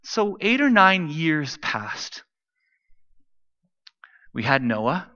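A man's voice: on the high side, sing-song, very slow, pushed and bright, lo-fi sound. A man preaching a sermon from the stage, conversational and dropping joking asides to the congregation. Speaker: pastor.

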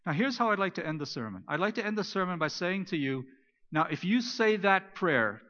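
A male pastor delivering a sermon in a storytelling way. His voice sits slightly high and swings between strong emphasis and near-whispered quiet. The recording sounds dull and lo-fi. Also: expressive, a little fast.

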